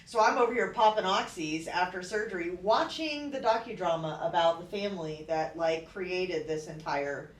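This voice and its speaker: A woman's voice: on the low side, normal speed, few pauses. A woman co-hosting a podcast in casual chat, laughing often and swearing casually as she jokes. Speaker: podcast co-host. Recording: roomy, distant mic.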